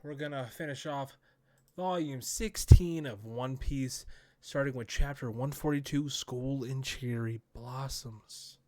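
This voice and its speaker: A man hosting a manga reaction video, excitable and openly emotional in casual talk. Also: mid-range voice, unhurried, no echo, clean studio sound.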